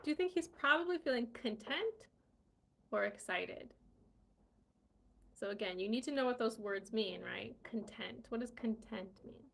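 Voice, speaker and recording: A woman's voice: fairly high pitch, lively intonation, moderate pace, gravelly, long pauses, fairly bright tone. A woman hosting a casual live-stream English lesson, chatty, full of fillers and "right?" checks. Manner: chatty, many fillers and tag questions.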